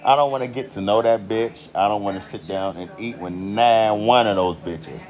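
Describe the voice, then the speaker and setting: A man's voice: mid-range voice, normal speed, hardly any pauses. Heated, cussing man with a country accent. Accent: American country. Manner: heated, repetitive, swears constantly. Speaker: commentator. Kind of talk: profane monologue rant.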